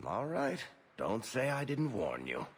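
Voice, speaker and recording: A man's voice: mid-range voice, huge pitch swings, measured pace, noisy background. An actor playing a wry male dwarf storyteller in a fantasy game, dry and offhand.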